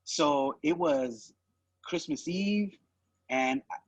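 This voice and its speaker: A man's voice: fairly high pitch, takes it slowly, no room sound, rough recording. A man co-hosting a podcast, telling a rambling story in casual chat, with lots of "you know" and "right?". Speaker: podcast co-host.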